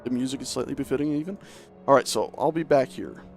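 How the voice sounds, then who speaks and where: Over soft background music, a man gives casual commentary while streaming a building game, joking at his own expense and talking to himself. He's a fast talker with a medium-pitched, creaky, slightly mellow voice.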